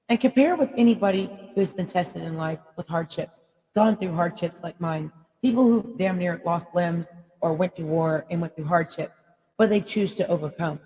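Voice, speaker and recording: A woman's voice: lowish voice, warm tone. Emphatic woman life coach, echoey. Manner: rambling, emphatic, blunt with mild swearing. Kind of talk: live motivational coaching talk.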